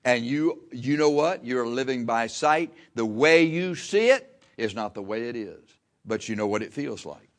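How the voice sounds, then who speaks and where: A man's voice: mid-range voice, expressive, moderate pace. A man preaching a sermon in a plain-spoken, folksy way, pushing key words with emphatic rises and repeating phrases for effect. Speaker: pastor.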